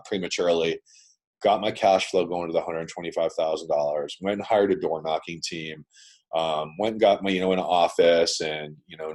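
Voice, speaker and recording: A man's voice: low voice, a little mellow. A man from Canada, a guest on a video call interview, telling his business story in a blunt, casual way with plenty of swearing and "man" and "dude". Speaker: guest entrepreneur.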